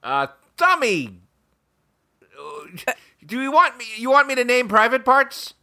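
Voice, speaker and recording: A man with a bright, lively voice throws out rapid guesses in a casual game chat. He sounds blunt and incredulous, and his pitch swings a lot as he goes. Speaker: podcast co-host.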